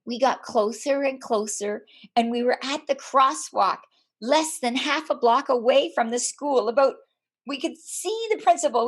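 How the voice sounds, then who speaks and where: Woman speaker, slow-paced storyteller who lets pauses land. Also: high-pitched. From Canada. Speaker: speaker telling a personal story. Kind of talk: personal storytelling talk. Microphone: camera.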